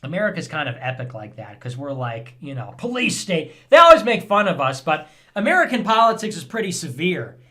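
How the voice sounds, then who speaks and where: A man hosting a vlog in a casual commentary style, rambling, sarcastic and thinking out loud. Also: on the high side, very animated, brisk, few pauses. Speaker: vlog host reading viewer messages.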